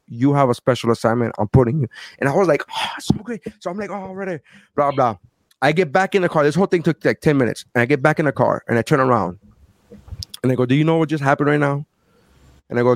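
A man's voice: mid-range voice, no echo, studio quality. A man telling a personal story in casual chat and acting out the people he quotes. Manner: animated, acts out quoted people.

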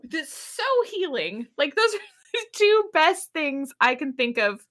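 Young woman co-host, high and bright, animated storyteller who acts out the characters. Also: measured pace. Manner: animated retelling, acts out characters, laughs often. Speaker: podcast co-host recapping an episode. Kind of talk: casual chat.

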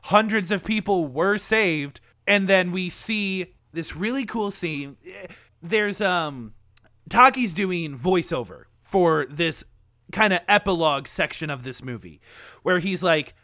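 Young man, high voice, casual podcast chat, emotional film recap, dry close sound. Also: expressive, slow pace, pushed and bright, no room sound. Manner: enthusiastic, emotional retelling with many "like" fillers. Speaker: podcast co-host. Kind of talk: casual movie discussion.

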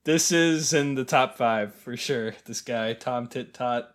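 A man's voice: medium pitch, takes it slowly. A man co-hosting a podcast, talking casually about a film with plenty of fillers. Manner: relaxed, agreeable, filler-heavy. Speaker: podcast co-host. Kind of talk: casual film review chat.

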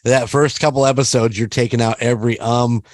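A man hosting a podcast in casual chat, laid-back and quick to laugh. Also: medium pitch, steady tone, a little mellow, no room sound. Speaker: podcast host.

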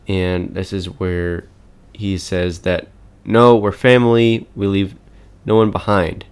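Male podcast host, deep voice, casual chat, eager, chuckles a lot, plenty of ums. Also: clean tone. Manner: enthusiastic, chuckles often, frequent fillers.

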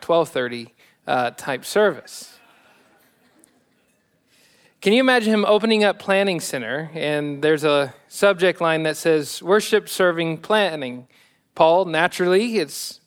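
A man's voice: fairly high pitch, fairly bright tone, clean tone. A male pastor delivering a sermon with self-deprecating humor.

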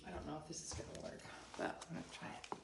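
A woman talks fast on a phone livestream from her home mid-renovation, chatting with viewers and spinning exasperated stories. The background is noisy.

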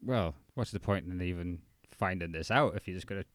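A man's voice: low-pitched, brisk, dry recording, clean studio sound. A man co-hosting a casual podcast chat, retelling a story with joking asides. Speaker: podcast co-host. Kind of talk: casual chat recapping a documentary.

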